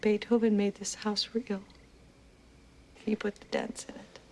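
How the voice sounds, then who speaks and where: A middle-aged family mother, speaking in a soft and affectionate voice. Her pitch sits in an ordinary middle range. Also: little pitch movement, measured pace, rough recording. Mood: tender. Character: warm middle-aged family mom and wife.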